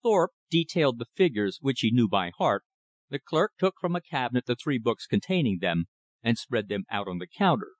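A man narrating a novel in a measured, expressive reading. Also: medium pitch, no echo. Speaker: audiobook narrator. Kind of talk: scripted narration.

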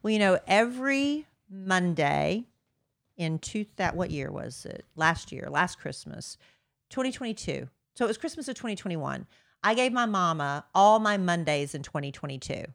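Lady podcast host chatting away, kinda low voice, dry close mic. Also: expressive, gravelly, no echo. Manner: chatty, storytelling, drawn-out emphasis. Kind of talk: casual chat and host-read ad.

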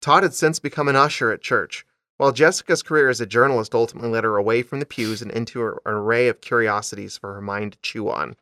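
A man's voice: mid-range voice, fast talker, sharp tone, no echo, studio quality. A man hosting a comedy podcast, reading a story with dramatic emphasis and stopping to joke.

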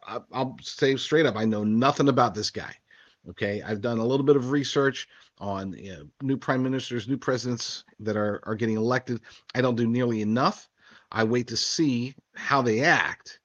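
A man's voice: mid-range voice, no room sound, highs cut off. A man hosting a political talk show, reading news stories and adding rambling, sarcastic asides with short chuckles. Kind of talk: casual political commentary.

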